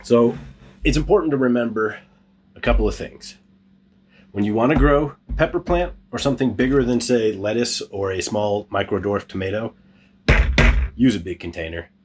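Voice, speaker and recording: A man's voice: mid-range voice, normal speed, long pauses, heavy background noise. A man hosting a gardening channel, chatting upbeat and casual as he shows off his hydroponic harvest, with a joking, self-deprecating manner. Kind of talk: casual hands-on demonstration.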